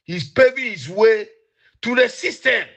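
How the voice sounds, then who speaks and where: A man's voice: very high voice, expressive, unhurried, fairly bright tone. A man ranting in an accusing way, repeating rhetorical questions. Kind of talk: heated rant.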